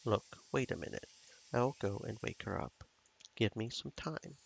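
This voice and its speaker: A man's voice: on the low side, animated, normal speed, a little hiss or hum, rough recording. A man voicing a menacing, hot-tempered male guardian who snaps at callers. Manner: gruff, impatient, snapping. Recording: game music behind.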